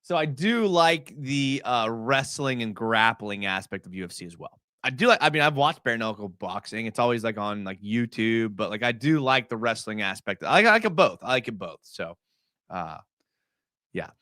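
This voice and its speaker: A young man talks through game film on a live stream, rambling and chatty with lots of "like" and "uh." His pitch swings up and down as he gets worked up. The sound is close and dry, with no room around him. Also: normal speed, no echo. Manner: chatty, filler-heavy, excitable. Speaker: podcast host breaking down game film.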